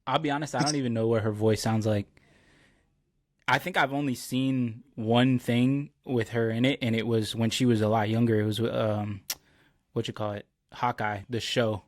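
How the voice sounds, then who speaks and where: A man's voice: medium pitch, fairly even intonation, moderate pace, no room sound. A young man hosts a casual podcast chat. He rambles and hunts for words, filling gaps with ums and likes. His voice sits mid-range, recorded dry and close. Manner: rambling, searches for words with many fillers. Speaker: podcast host.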